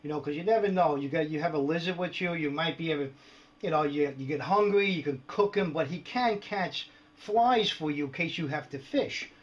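Casual guy showing off his gear mods, jokey and rambly, kinda high voice, muffled home video sound. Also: normal speed. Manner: jokey, rambling, lots of "all right" and "right?". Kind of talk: casual show-and-tell.

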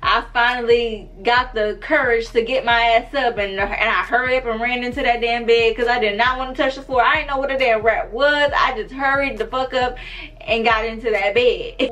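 Lively high-voiced woman vlogger. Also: brisk. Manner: animated, profane, addresses viewers as girl and bitch. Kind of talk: casual storytime.

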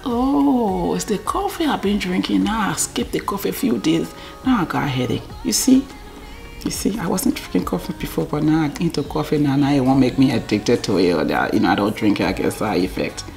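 Low, gravelly Liberian woman rambling to camera. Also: lively intonation, brisk, darkish tone, soft background music. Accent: Liberian English. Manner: rambling, talks to herself, drops to near-whispers. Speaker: vlogger. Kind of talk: casual talk to camera.

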